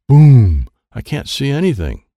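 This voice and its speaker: A man reading a children's chapter book aloud with plenty of playful animation, his low voice gravelly and rising and falling in wide swings. He voices the sound effects himself, and the recording is close and dry. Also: big pitch swings, normal speed, darkish tone, no room sound. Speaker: audiobook narrator.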